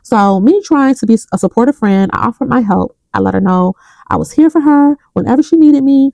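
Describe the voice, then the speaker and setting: A woman's voice: on the high side, expressive, fairly quick, vocal fry, dark tone, no echo, muffled recording. A young adult woman vlogging about her budget, counting bills aloud and telling a story between counts. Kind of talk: casual chat while counting cash.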